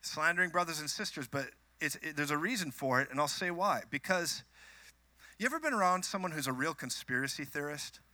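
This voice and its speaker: A man from Minnesota preaching a sermon, telling animated personal stories with joking asides to the congregation. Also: on the high side, a little fast, dry recording. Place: church.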